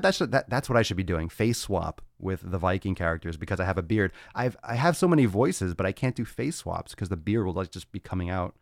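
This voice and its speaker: A man hosting a casual solo podcast, loud, laughing and profane, talking on a close mic. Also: low voice, no room sound. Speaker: podcast host.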